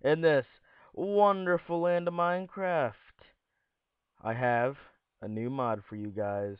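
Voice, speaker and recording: A man's voice: mid-range voice, fairly even intonation, takes it slowly, clear, resonant tone, no room sound, narrow, tinny audio. A young man giving casual, jokey commentary on a game, rambling between points with a showman's flair. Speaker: gaming commentator.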